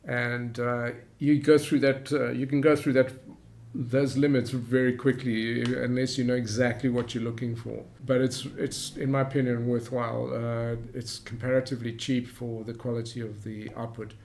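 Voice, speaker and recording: A man hosting a screen-recorded software tutorial, explaining in a relaxed way with frequent fillers. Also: medium pitch, normal speed, gravelly, a little hiss or hum. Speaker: YouTube tutorial host.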